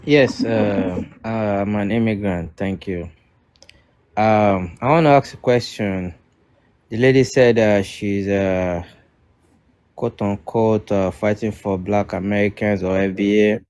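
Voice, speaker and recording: A man who is an immigrant, on an online debate panel, asking his question haltingly with many pauses. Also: on the low side, steady tone, a little mellow, clean tone, no echo.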